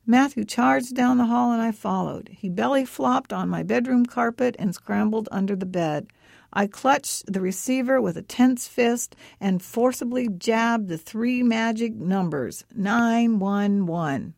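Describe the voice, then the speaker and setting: A woman reading her own first-person story aloud, expressive and lively as she voices the characters' lines. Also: medium pitch, measured pace, creaky, dry recording, studio quality.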